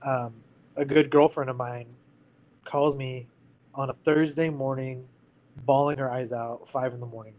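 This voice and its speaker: A man's voice: mid-range voice, steady tone, measured pace, darkish tone, low-quality recording. Casual, candid male storyteller in his thirties: earnest, loose, heavy on fillers, conversational. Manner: candid and earnest, full of fillers like "like" and "you know". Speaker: guest telling a personal story.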